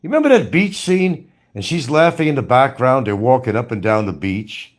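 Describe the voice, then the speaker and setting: Angry swearing man, lively pitch. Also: normal speed. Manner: profane, scolding, heated rhetorical questions. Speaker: commentary streamer. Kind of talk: angry ranting commentary.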